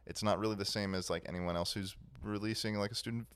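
Man, young adult, very low pitch, smooth clear voice, casual rambling chat. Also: fairly even intonation, quick pace. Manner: rambling, many restarts and fillers.

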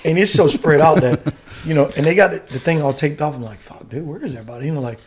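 A middle-aged man from the United States telling a story as a podcast guest, casual and profane, full of animated asides. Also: fairly high pitch, fast talker, a crowd in the background. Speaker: guest, retired Army warrant officer.

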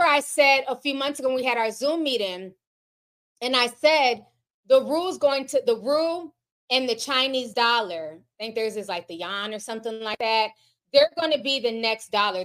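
A woman's voice: a little high, normal speed, fairly bright tone. A woman hosting a casual livestream, reading super chats and giving sassy commentary that is full of swearing and spoken straight to her chat.

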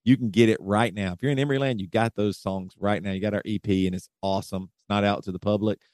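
A man's voice: on the low side, steady tone, fast talker, darkish tone, no room sound. A man hosting a podcast in casual chat, loose and jokey, often breaking into laughter. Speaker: podcast host.

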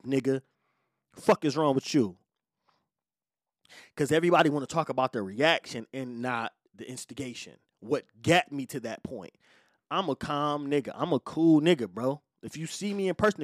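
A man's voice: a little high, no room sound, studio quality. Heated profane man on a solo podcast. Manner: heated, profane storytelling, swings from calm to shouting. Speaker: podcast host.

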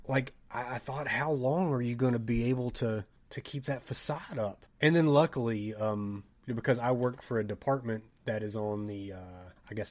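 A young man with a Tennessee accent, telling a story in casual podcast chat, animated and laughing, swearing and acting out quoted dialogue. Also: medium pitch. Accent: Southern US, Tennessee. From Tennessee, USA. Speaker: podcast co-host.

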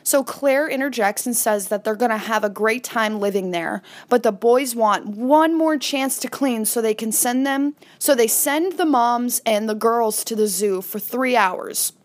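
A woman with a fairly high voice hosts a podcast, retelling a sitcom episode in a loose, chatty way. She now and then slips into a quick acted-out line before going back to her easy recap. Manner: chatty, retells scenes with brief acted-out quotes. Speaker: podcast host.

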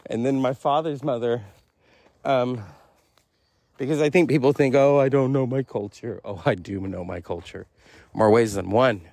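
A man talking casually on his own podcast, rambling and laughing between thoughts and jumping up in pitch to act out what others said. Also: moderate pace, vocal fry, dry recording. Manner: animated, jumps high to act out quotes. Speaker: podcast host and teacher. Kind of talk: casual solo monologue.

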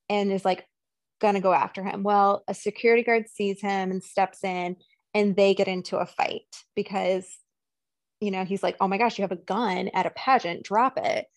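In clean, echo-free studio audio, a woman with a medium-pitched voice co-hosts a podcast and casually goes over a film's plot. She brings the retelling to life by performing the characters' voices.

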